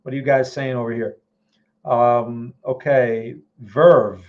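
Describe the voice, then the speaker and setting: Steady in tone and slow in pace, this mid-range male voice reaches us through narrow, tinny audio. The man hosts a relaxed market stream, checking charts as he answers viewers and often checking in with "okay" and "all right."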